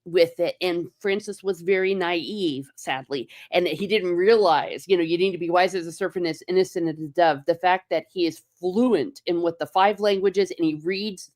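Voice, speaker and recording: A woman guest in a casual podcast chat, earnest and measured, slowing down to stress her points. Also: lowish voice, darkish tone.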